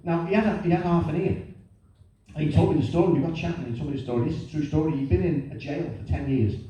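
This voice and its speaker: A middle-aged man doing a lively, self-mocking stand-up comedy routine. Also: fairly high pitch, rapid-fire, highs cut off. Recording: echoey room, distant mic, faint noise.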